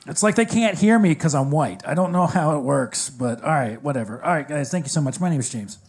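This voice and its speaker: A man from Maryland doing a stand-up set at a coffee shop open mic, dry and halting with many fillers. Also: on the high side, lively intonation, slight background noise. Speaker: stand-up comedian.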